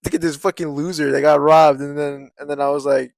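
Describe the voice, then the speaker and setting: A man's voice: a little high, flat delivery, fast, vocal fry, hardly any pauses, no room sound. A man co-hosting a podcast in casual chat, joking and laughing often as he rambles. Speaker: podcast co-host.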